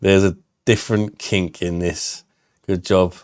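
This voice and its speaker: A man's voice: low-pitched, flat delivery, a little slow, darkish tone, no echo, studio quality. A man hosting a casual live stream, bantering and joking crudely with viewers. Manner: banter-heavy, jokey and crude.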